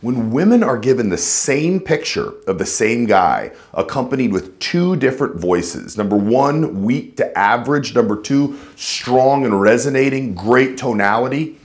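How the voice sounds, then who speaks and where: Animated man coaching on vocal tone. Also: unhurried. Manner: emphatic, drops into a low chest voice to demonstrate. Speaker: dating and voice coach. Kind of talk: instructional talk to camera.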